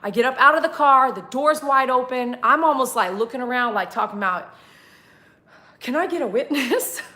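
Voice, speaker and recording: Woman, high and bright, animated livestream storyteller who acts out every line of dialogue. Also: normal speed. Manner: animated, laughing, acts out dialogue with big pitch jumps. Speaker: pet groomer telling a story to viewers.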